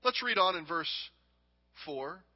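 In a dull, reverberant church sanctuary recording, a thirty-something pastor preaches slowly and expressively, his voice a little high. He is earnest and repeats phrases for emphasis.

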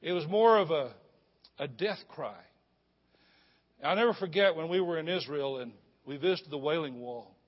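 A man preaching a sermon as a pastor, swinging between loud proclamation and hushed, low confiding. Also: lively intonation, normal speed. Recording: muffled sound with long hall reverb.

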